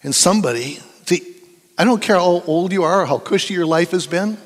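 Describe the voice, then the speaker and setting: A man preaching a sermon in a church, animated and emphatic, sometimes dropping into hushed whispers for effect. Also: high-pitched, brisk. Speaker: pastor. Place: church sanctuary. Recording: long reverb of a church hall.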